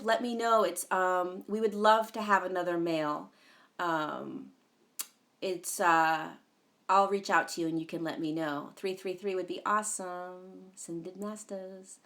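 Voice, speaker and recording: A woman's voice: medium pitch, sharp tone. A woman hosting a casual livestream, chatting in a rambling way with many fillers, greeting viewers by name and swearing now and then. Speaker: livestream host.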